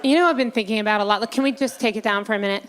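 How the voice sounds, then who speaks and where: A woman's voice: on the high side, rapid-fire, a bit bright. A woman doing stand-up in a comedy club, brash and teasing, talking straight to the audience. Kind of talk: stand-up set. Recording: live club, crowd laughter and noise.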